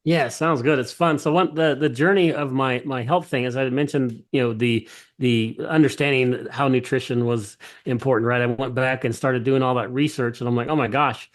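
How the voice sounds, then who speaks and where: A man who runs a company, speaking as a podcast guest in a mid-pitched, ordinary voice. He tells his story with eager enthusiasm, often restarting his sentences. He acts out the dialogue of his anecdotes as he goes. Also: steady tone, normal speed. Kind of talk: casual interview storytelling.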